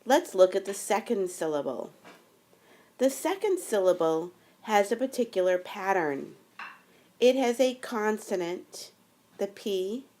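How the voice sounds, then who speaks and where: Slow, careful woman teaching phonics. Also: medium pitch. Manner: slow, careful, step-by-step explaining. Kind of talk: screencast phonics tutorial.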